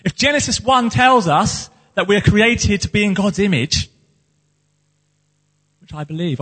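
A man's voice: high voice, expressive, unhurried, pauses often, bright, forceful tone. A man preaching as the pastor of his church, speaking earnestly and with passion about his calling. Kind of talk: sermon. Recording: long hall reverb.

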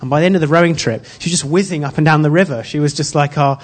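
A church speaker with a slightly high voice delivers an informal sermon built around a personal story. He comes across as earnest and halting, frequently restarting his sentences.

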